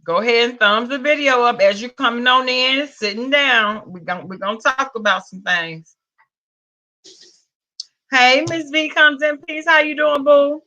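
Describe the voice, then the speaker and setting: Southern woman streamer, high bright voice, chatty with her viewers, slow easy delivery. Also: muffled recording. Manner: greets viewers with pet names, Southern US slang. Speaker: livestream host. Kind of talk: casual live-stream chat.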